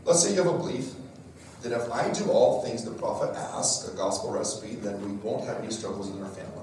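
A middle-aged man giving a church talk to a live audience, telling lively stories that poke fun at himself. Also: lowish voice, quick pace, noisy background. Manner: lively storyteller, jokes at his own expense. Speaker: speaker at a church parenting talk. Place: large echoey room with a live audience. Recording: echoey hall recording from far off.

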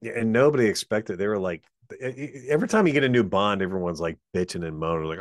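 A man in a casual chat, easygoing and a bit hesitant, often pausing with fillers. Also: low voice, no echo, studio quality.

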